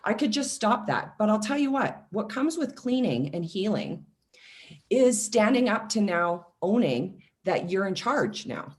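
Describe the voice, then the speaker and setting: A woman in her forties, a self-love coach, talking casually and telling personal stories with lively acted-out quotes. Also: mid-range voice, a little slow. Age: 40s. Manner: animated storytelling, acts out quoted voices. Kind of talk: casual podcast conversation.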